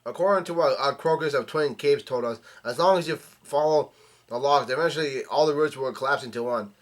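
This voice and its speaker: A man's voice: medium pitch, a little fast. A man casually reading and recapping a comic chapter, stumbling and restarting often. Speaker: manga reaction channel host. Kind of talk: casual read-along recap.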